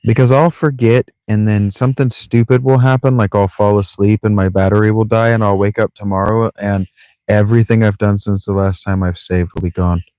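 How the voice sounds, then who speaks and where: Low-voiced man with deadpan gaming banter. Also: brisk, clean tone, no echo, studio quality. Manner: deadpan joking asides, muttering to himself. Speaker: streamer playing a video game. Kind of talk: casual let's-play commentary.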